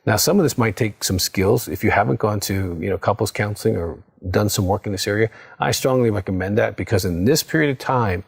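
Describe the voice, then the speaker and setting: A middle-aged male counselor with a somewhat low, husky voice. He gives earnest, coaching advice and checks in often with the listener. His delivery is steady and direct. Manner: earnest, coaching, many "okay?" check-ins. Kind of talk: direct-to-camera advice talk.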